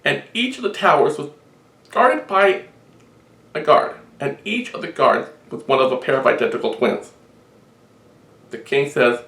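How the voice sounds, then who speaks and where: A man telling a long shaggy-dog joke with deadpan storytelling. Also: on the high side, measured pace, long pauses. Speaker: joke teller. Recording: roomy echo.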